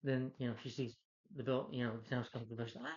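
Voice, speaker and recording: A film reviewer rambles through a movie's plot in a casual review, leaning on fillers. His ordinary-pitched voice is gravelly and steady in tone, and he races along. The recording is dull and lo-fi.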